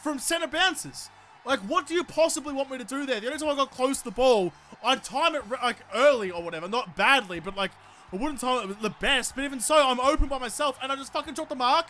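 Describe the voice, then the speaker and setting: An Australian man with a very high, bright and sharp voice, talking through a football video game as he plays. He rants and swears freely at the game and his teammates, in the loose style of live gameplay commentary.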